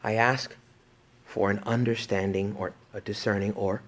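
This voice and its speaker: A man, a priest, giving a retreat talk to young adults, joking and animated one moment and hushed the next. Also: on the low side, moderate pace.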